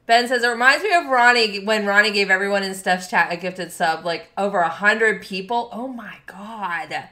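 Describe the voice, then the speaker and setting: A woman's voice: mid-range voice, moderate pace, few pauses, bright, forceful tone, reverberant. A woman streaming a game live, chatting with her viewers, thanking them and laughing often. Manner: bubbly, reads and thanks chat, laughs often. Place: home room.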